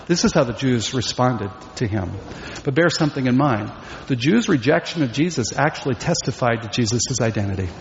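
A man's voice: medium pitch, animated, brisk, slight background noise. A man preaching a sermon as pastor, emphatic and full of rhetorical questions. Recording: echoey hall, dull lo-fi sound.

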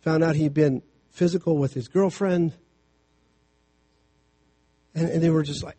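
A man's voice: on the high side, steady tone, warm tone. A middle-aged man preaching a sermon as a family counselor, mixing scripture with homely stories in a conversational way. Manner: conversational, storytelling preaching with quick asides.

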